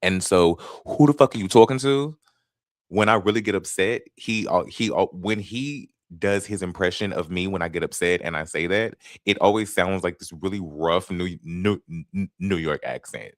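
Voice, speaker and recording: A man's voice: sits low, moderate pace, hardly any pauses, dry recording, clean studio sound. A man in his thirties from North Carolina with a Southern accent, hosting a casual live chat with viewers and swearing freely. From Fayetteville, North Carolina. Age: 30s. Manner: animated, swearing, chatty with viewers. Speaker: host.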